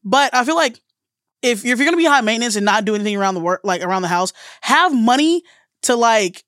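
A woman's voice: fairly high pitch, animated, quick pace, fairly bright tone, no echo, studio quality. A woman guest co-hosting a podcast, chatting casually, giggly and swearing freely as she gives her opinions. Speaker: guest co-host. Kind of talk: casual chat.

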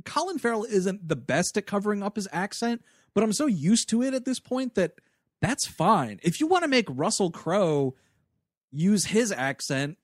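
A man co-hosting a casual movie podcast, sarcastic and animated, acting out scenes as he talks. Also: sits high, moderate pace, dry recording, studio quality. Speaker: podcast co-host.

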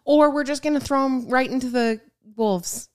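A woman's voice: high voice, normal speed, smooth. A woman co-hosting a podcast in casual chat, asking short follow-up questions and teasing her co-host.

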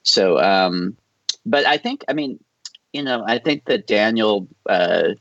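A man guesting on a podcast, talking in a relaxed, rambling way and laughing often. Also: fairly low pitch, slow pace, no room sound, highs cut off. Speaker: film director guest. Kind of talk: casual podcast interview.

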